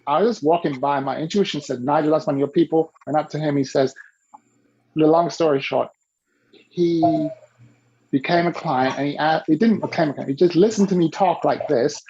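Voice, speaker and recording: A husky man with a gravelly edge tells an animated coaching story, bouncing between the voices of the people he quotes. He coaches the listener along and has them repeat his rules back. The recording sounds dull and lo-fi. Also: fairly high pitch, moderate pace. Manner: acts out quoted dialogue with lively shifts in voice. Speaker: business coach.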